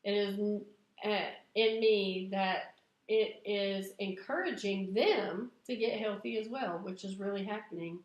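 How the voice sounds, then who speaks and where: A woman, chatting excitedly to camera in a vlog and laughing at herself. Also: medium pitch, unhurried. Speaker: vlogger. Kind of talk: casual chat to camera. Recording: echoey room.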